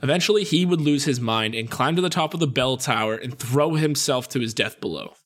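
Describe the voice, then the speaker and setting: A man's voice: medium pitch, fairly quick, a bit bright. A young man co-hosting a podcast, reading a ghost story aloud and cutting in with his own jokes. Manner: reads the story, breaks off for jokes. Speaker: podcast co-host.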